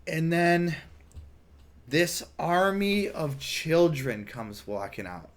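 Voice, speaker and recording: A young man casually telling a story, animated and rambling, full of "like" fillers. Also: fairly high pitch, slow pace. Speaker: vlogger.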